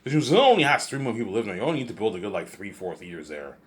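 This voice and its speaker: Low-voiced canadian guy rambling, repeats himself a lot, swears casually. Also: very animated, racing. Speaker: host.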